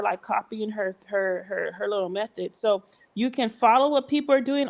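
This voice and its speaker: A woman giving casual relationship advice on a group call, acting out bits of dialogue as she talks. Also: on the high side. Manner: animated, acts out quoted dialogue. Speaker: relationship coach.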